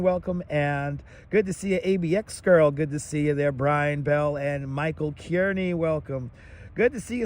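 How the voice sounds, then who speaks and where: A hoarse-voiced man hosting a live walking stream outdoors, rattling off viewer names and welcomes on a clip-on mic. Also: sits high. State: scratchy, hoarse voice. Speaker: livestream host. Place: outdoors on city streets. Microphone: wireless clip-on mic.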